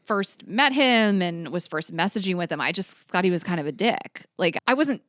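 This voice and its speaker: A woman co-hosting a podcast, chatting candidly and telling a dating story with lively acted-out thoughts. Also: on the low side, moderate pace, no room sound, clean studio sound. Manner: animated storytelling, acts out her own past thoughts. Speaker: podcast co-host. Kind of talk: candid casual chat.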